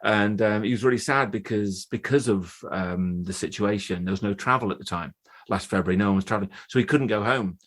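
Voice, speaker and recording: A man's voice: fairly low pitch, fairly quick. Chatty man in his fifties. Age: 50s. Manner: chatty, animated storyteller with many restarts. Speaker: guest actor. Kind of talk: casual podcast chat.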